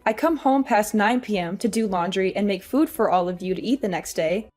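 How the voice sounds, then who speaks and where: An actress playing an exhausted young working wife, weary and pleading. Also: female voice, medium pitch, a little fast, darkish tone, soft background music, close to an everyday voice. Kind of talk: audio drama acting.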